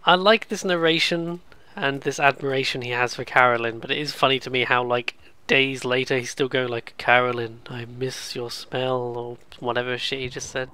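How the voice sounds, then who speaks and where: Sarcastic guy rambling through a let's play, bright voice, smooth and clear. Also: medium pitch, steady tone, a little fast, few pauses. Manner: sarcastic, swears freely, rambling. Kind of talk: casual gameplay commentary.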